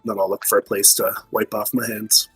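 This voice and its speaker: A man's voice: fairly low pitch, flat delivery, fairly quick, a bit bright, slightly rough, no room sound, soft background music. Man, tabletop player, laid-back, dry sound. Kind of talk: tabletop play, describing actions.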